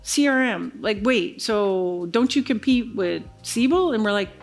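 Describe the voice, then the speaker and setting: Woman, keynote speaker on stage, lively storytelling, acted-out dialogue, faint music behind. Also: mid-range voice, unhurried. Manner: animated storyteller acting out quoted dialogue. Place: large conference hall stage.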